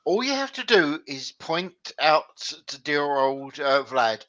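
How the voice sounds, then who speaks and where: A man's voice: fairly high pitch, lively intonation, unhurried, hardly any pauses, a bit bright. A man as co-host making dry, sarcastic remarks in casual political banter. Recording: dull lo-fi sound.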